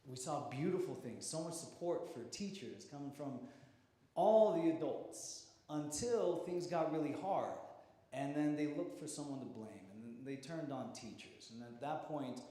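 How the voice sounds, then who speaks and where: A man's voice: fairly high pitch, expressive, moderate pace, dark tone. A male teacher telling a heartfelt personal story in a town hall speech, often repeating words as he talks. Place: large hall. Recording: echoey hall with long reverb.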